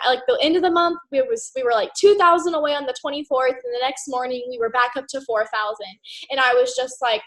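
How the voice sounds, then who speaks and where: A woman co-host telling a story in casual chat, animated and laughing. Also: sits high, fairly quick, low-quality recording. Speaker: network marketing co-host.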